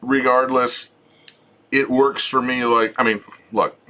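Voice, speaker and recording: A middle-aged man with a bright, forward voice, co-hosting a home chat show. He talks in a loose, joking way and often restarts his sentences. His pitch sits in the ordinary male middle. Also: takes it slowly. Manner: chatty, relaxed, joking, frequent restarts. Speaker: co-host of a homesteading channel. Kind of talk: casual chat with viewers.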